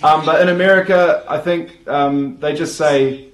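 A man's voice: on the high side, fairly even intonation, measured pace, reverberant, poor audio. A man with a New Zealand accent giving a dry, offhand comedic explainer, hesitant and full of fillers. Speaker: comedic video maker.

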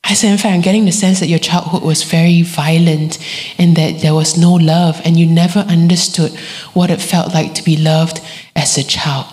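A woman, preaching a sermon and telling a story with lively quoted voices. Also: on the low side, moderate pace. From Singapore. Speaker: guest preacher.

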